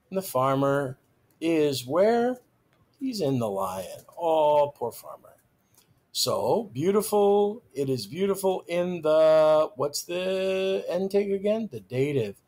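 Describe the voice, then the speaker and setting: A man delivers a recorded grammar lecture in a slightly husky voice. His pitch moves a lot, lifting on key terms and dropping at the ends of phrases. He speaks slowly and deliberately, stressing each new word. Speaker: teacher.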